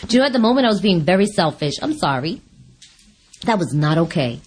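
A woman giving a personal testimony at a recovery meeting, telling stories in an animated way and acting out her own lines. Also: lowish voice, brisk, slightly rough. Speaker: speaker sharing at a recovery meeting.

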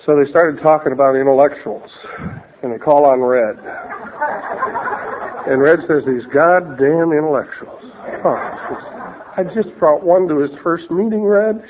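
A man with a wry, punchline-driven way of telling stories speaks to a recovery meeting in a somewhat high voice. The audio is thin and phone-like, like an old radio broadcast. A crowd and clear noise sit underneath. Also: a little slow, pauses often. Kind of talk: humorous personal storytelling.

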